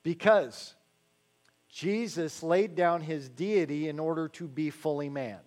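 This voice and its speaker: A man preaching a sermon in a conversational way, slowing down to stress key phrases and adding joking asides to the congregation. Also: a little high, a little mellow. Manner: slows to stress key phrases, then rattles along quickly. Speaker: pastor.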